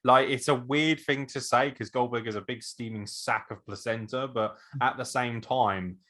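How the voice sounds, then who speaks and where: Sweary excitable man on a podcast. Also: medium pitch, moderate pace. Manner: sweary, excitable, laughs often. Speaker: podcast co-host. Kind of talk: casual chat.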